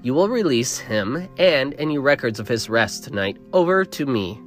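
A man's voice: mid-range voice, big pitch swings, moderate pace, faint music behind, natural voice. A man voicing a proud young woman with powers who speaks coldly and condescendingly. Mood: cold defiant. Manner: cold, cutting, condescending.

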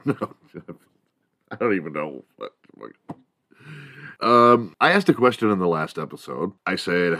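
A man's voice: low-pitched, expressive, moderate pace, sharp tone, no echo, studio quality. A man hosting a comedy podcast, talking in a hyped, rambling and profane way. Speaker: podcast host. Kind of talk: casual comedy podcast monologue.

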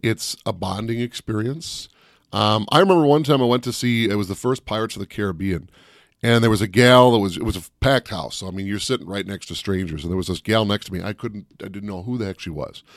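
A man co-hosting a casual chat, telling stories with lively energy and shouting out the voices of people in them. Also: lowish voice, a little fast, dry recording, studio quality. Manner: animated storyteller, shouts out quoted voices. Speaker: co-host.

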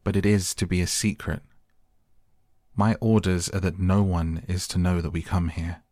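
A man's voice: low voice, little pitch movement, moderate pace, darkish tone, dry recording, clean studio sound, close to an everyday voice. A man voicing a proud, commanding sickly boy who gives orders. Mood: imperious. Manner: imperious, giving orders.

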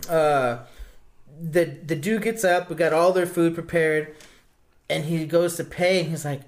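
A young man with a slightly raised pitch, co-hosting a podcast. He tells long, rambling anecdotes about old jobs, full of casual slang. His tone stays loose and chatty. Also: fairly even intonation, unhurried. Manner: rambling anecdotes, says bruh and dude. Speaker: podcast co-host. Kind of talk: casual chat.

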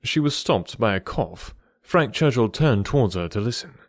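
A man narrating a classic novel as an audiobook in an expressive storytelling manner. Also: lowish voice, moderate pace, dry recording, clean studio sound.

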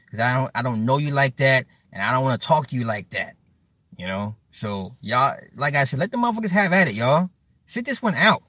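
A man's voice: medium pitch, a bit bright, no room sound. Blunt rambling man on a live stream. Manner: blunt, rambling, with stammered repeats; thanks and answers viewers between rants. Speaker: livestream host talking to chat. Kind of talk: casual profane rant.

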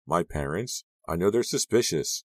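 A frightened, tearful teenage girl, put on by a deep-voiced man reading an audiobook, wailing and pleading in a shaky voice. Her lines sit higher and louder than the narration around them, in a dry, close recording. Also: animated, moderate pace, no echo. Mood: anxious, tearful.

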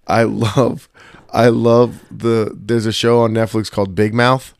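A man co-hosting a casual podcast chat late at night, animated and profane, laughing often and acting out quotes, yawning with tiredness. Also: lowish voice, measured pace, gravelly, clear, resonant tone, no room sound, studio quality. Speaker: podcast co-host.

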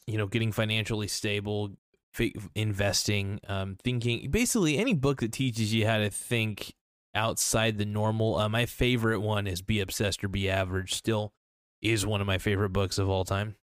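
A man talks through his opinions casually, rambling, blunt and quick to swear. His voice sits fairly low. The sound is dry and close, with no room around it. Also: smooth, dry recording. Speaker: commentator. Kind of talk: casual reaction commentary.

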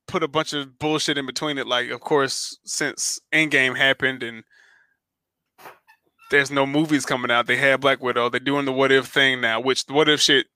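A man's voice: medium pitch, little pitch movement, moderate pace, bright, forceful tone, no room sound. A man co-hosting a podcast in casual chat, talking loosely and profanely. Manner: casual, profane, riffing on movies. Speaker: podcast co-host.

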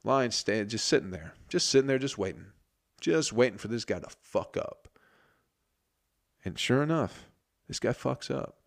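A man's voice: mid-range voice, expressive, a little slow, creaky. A man telling a story in a casual comedic monologue, profane and rambling, often interrupting himself.

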